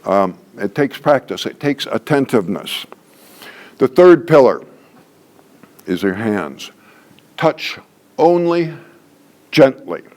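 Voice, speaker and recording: A man's voice: fairly low pitch, lively intonation, slow, long pauses, darkish tone. An older man leading a training workshop, teaching in a folksy, joking way and repeating his key points for emphasis. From Canada. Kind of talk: workshop lecture.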